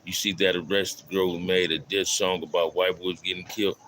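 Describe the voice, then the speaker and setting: A man's voice: low voice, flat delivery, a little fast, a bit bright, a little hiss or hum, poor audio. A middle-aged man hosting a casual livestream, reading chat aloud, repeating his phrases and calling out viewers in loose street slang. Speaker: livestream host. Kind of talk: casual live stream talk reading chat.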